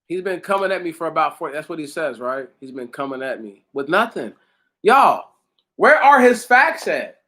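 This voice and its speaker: A man ranting casually and profanely, mocking someone, often breaking into loud laughter and shouts while a little tipsy. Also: fairly high pitch, very animated, normal speed. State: tipsy from drinking. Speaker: commentator reacting to a commenter. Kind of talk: casual reaction rant.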